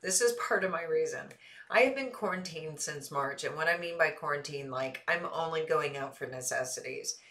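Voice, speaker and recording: A woman from the American Midwest, streaming live, chats casually and animatedly while answering her audience's chat, laughing easily. Her voice is deep and a bit bright, at a moderate pace, with a Midwestern accent and a light Texas Southern twang.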